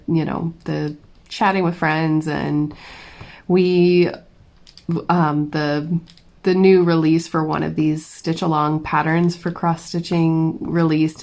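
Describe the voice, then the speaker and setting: Young woman chatting while she crafts, giggly, rambly, lowish voice. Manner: chatty, giggly storytelling with lots of fillers. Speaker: crafting channel host. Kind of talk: casual chat while diamond painting.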